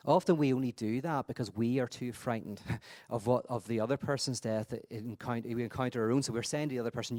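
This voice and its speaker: Halting, reflective male conference speaker. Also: mid-range voice, mellow. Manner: halting, repeats words, reflective. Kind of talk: conference talk with storytelling.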